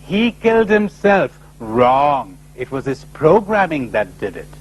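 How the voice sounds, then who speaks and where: Animated man giving a spiritual talk. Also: mid-range voice, unhurried, breathy edge, low-quality recording. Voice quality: animated, rhetorical, acting out imagined voices. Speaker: speaker at a spiritual retreat conference. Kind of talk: lively spiritual conference talk.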